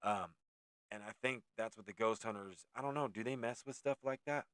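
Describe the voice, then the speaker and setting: A man around forty from California spins a haunted tale in a loose, profane ramble, often losing his thread and correcting himself. His voice sits low, and the recording is dry and close with no room sound. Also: normal speed, a bit bright, dry recording. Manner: rambling, profane, laid-back; tangents and self-corrections. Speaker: storyteller. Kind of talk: casual storytelling.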